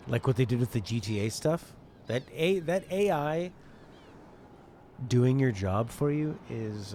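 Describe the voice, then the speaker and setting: A man's voice: medium pitch, warm tone, slight background noise. A man casually commenting while playing a game, joking and sarcastic, swearing freely. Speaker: let's play gamer.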